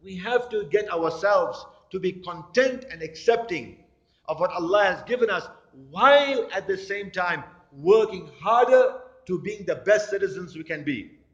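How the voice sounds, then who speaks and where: Male preacher with a high-ish voice, lively storytelling sermon, muffled recording. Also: a little slow. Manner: animated storytelling, acting out quoted people. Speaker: imam.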